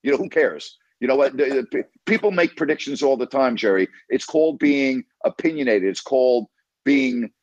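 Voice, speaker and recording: A man's voice: medium pitch, no room sound, dull audio. A man hosting a call-in sports radio show, blunt and emphatic, who keeps repeating himself to press his point.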